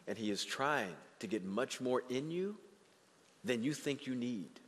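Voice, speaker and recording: A man preaching a sermon as pastor of his church, animated and acting out the voices of the people he quotes. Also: medium pitch, a little slow, long reverb tail. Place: church sanctuary.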